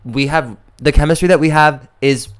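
A young man co-hosting a podcast, telling a story in a sassy, animated way and acting out quotes. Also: fairly high pitch, moderate pace, clean tone. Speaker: podcast co-host. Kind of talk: casual chat, storytelling.

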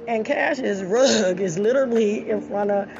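A woman telling a story in a loud, profane, animated rant. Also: medium pitch, measured pace, muffled recording, slight background noise. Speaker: storyteller vlogger.

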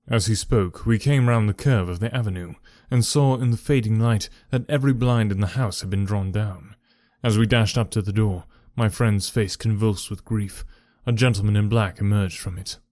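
A man reading a classic detective story aloud in a measured, even way. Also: lowish voice, no room sound, studio quality. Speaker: audiobook reader. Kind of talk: scripted narration.

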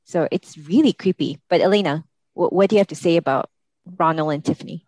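A woman's voice: lowish voice, a little fast, darkish tone, no echo, low-quality recording. Casting note: opinionated female co-host, casual chat, dry close recording. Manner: opinionated, quotes people in a mocking tone. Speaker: podcast co-host. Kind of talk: casual chat reviewing a reality show.

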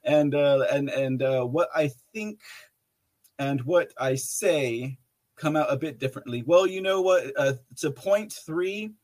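Man, live podcast host, slightly higher voice, casual rambling, reads chat, frequent fillers and restarts. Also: unhurried, a little mellow. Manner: rambling with many fillers and restarts, laughs often, reads chat messages aloud.

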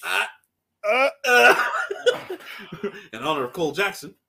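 A man co-hosting a casual podcast, animated and laughing often as he acts out movie lines. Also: sits high, takes it slowly, creaky, background noise. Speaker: podcast co-host. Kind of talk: casual chat.

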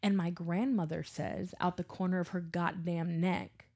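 A young woman from South Louisiana, co-hosting a podcast in casual chat, telling animated stories and swearing freely. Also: fairly low pitch, moderate pace. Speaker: podcast co-host.

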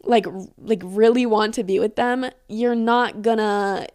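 A woman's voice: medium pitch, steady tone, measured pace, darkish tone. A young woman in her twenties hosting a podcast, chatting casually in a rambling, giggly way with lots of filler words and casual swearing. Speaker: podcast host. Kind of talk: casual chat.

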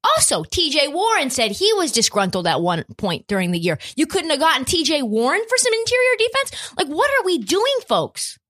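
High, lively woman ranting about sports. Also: fairly quick, hardly any pauses. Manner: emphatic, swearing, ranting. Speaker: sports podcast host. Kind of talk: opinionated sports commentary chat.

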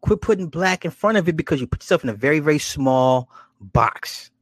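Dude going off on a casual rant, cussing and cracking himself up, pitch jumping all over. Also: male voice, a little fast, no room sound, clean studio sound. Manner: animated and profane, laughs at his own stories. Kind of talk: casual opinion commentary.

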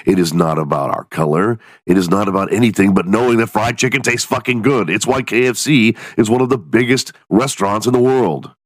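A man from Texas hosting a podcast, ranting in a profane, animated way and acting out the people in his stories. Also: fairly low pitch, a little fast, few pauses, dry recording. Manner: profane, animated storytelling with mock voices. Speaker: podcast host. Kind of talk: casual comedic podcast rant.

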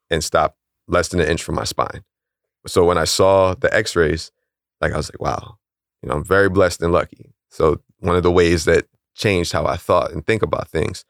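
Deep-voiced man telling a story calmly. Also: dry recording, studio quality. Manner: calm, matter-of-fact, chuckles at odd details. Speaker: storyteller recounting a personal event. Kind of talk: casual interview storytelling.

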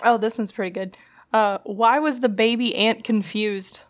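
A woman's voice: a little high, steady tone, normal speed. A woman co-hosting a podcast, telling pun jokes in a casual chat and giggling, delighted by them. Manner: giggly, delighted by her own puns. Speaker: podcast co-host.

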